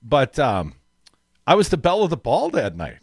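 Joking middle-aged radio host, dry studio. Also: male voice, mid-range voice, huge pitch swings, moderate pace, husky, no echo. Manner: joking, teasing, laughs often. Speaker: radio talk show host. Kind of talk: casual on-air banter.

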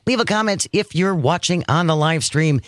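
A man's voice: a little high, normal speed, a bit bright, dry recording. A man co-hosting a morning talk radio show from a studio, announcing in an upbeat way. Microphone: studio microphone.

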